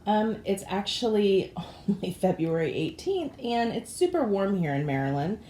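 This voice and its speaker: A hoarse woman in her forties with a raspy voice, chatting casually and apologetically as she gives a tour of her craft room. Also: medium pitch, big pitch swings, moderate pace, mellow, slight background noise. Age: 40s. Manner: chatty and apologetic, with frequent fillers. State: hoarse from allergies. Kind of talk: casual home tour chat. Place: craft room and home office indoors.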